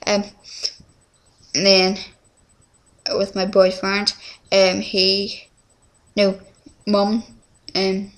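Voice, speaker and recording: A woman's voice: mid-range voice, monotone, drawn-out words, pauses often. A teenage girl, rambling through a casual confessional vlog at home, full of fillers and restarts. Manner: rambling, scattered, many fillers. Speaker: vlogger.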